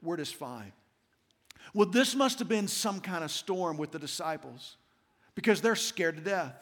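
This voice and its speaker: A middle-aged man, a senior pastor, giving a Christmas sermon and telling stories, slowing down to stress scripture. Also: on the high side, animated, a bit bright. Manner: storytelling, slows down for emphasis on scripture. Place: large church auditorium. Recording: reverberant church hall.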